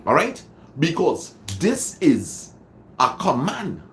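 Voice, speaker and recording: A man's voice: fairly high pitch, wildly swooping pitch, takes it slowly, fairly bright tone, a little hiss or hum. A man with a Trinidadian accent hosting a motivational livestream, greeting viewers and repeating phrases dramatically for emphasis. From Trinidad and Tobago. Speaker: livestream host.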